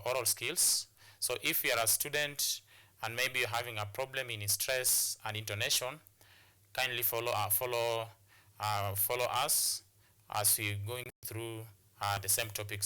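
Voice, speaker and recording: Kenyan guy teaching on tv, very bright voice, lots of uh and repeats. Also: mid-range voice, clean tone. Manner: repetitive, hesitant with many fillers. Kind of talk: televised classroom lesson.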